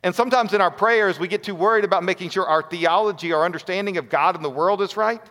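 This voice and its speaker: A male preacher with a fairly high voice delivers an earnest sermon, pressing his listeners with rhetorical questions. His voice rings out with a long hall reverb trailing each phrase. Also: quick pace, fairly bright tone.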